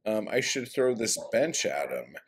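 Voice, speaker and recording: A man's voice: on the low side, very animated, measured pace, a little hiss or hum. A man voicing a blunt barbarian warrior in a casual story recap, offhand and swearing. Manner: offhand, matter-of-fact, swearing.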